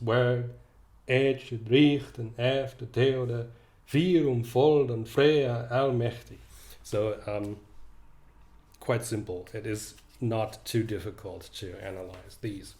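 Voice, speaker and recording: A young man giving an online literature lecture, thinking aloud with hesitant fillers and restarts, reading verse lines slowly. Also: mid-range voice, darkish tone, echoey room. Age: young adult.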